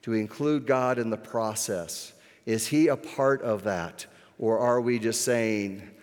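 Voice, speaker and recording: A man preaching a sermon as pastor, earnest, slowing down on key points, with occasional restarts. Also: medium pitch. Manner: earnest, with restarts and slowed emphasis. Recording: echoey hall with long reverb.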